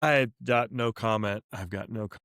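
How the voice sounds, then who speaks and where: A man's voice: lowish voice, moderate pace, a bit bright, smooth, dry recording, studio quality. A man hosting a podcast as a chef, asking short questions and reacting in a casual chat. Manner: brief reactions and questions, reads sponsor ads.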